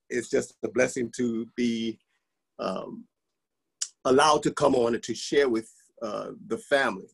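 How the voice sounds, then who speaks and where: A man's voice: medium pitch, gravelly, breathy edge, low-quality recording. A man, a guest teacher, speaking conversationally with many hesitations and fillers.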